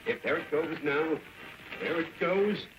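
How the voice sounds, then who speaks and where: An actor playing a brash, scheming inventor husband in a 1930s film comedy, wheedling and pushy. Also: male voice, a little high, measured pace, close to an everyday voice. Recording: scratchy 1930s film soundtrack with music.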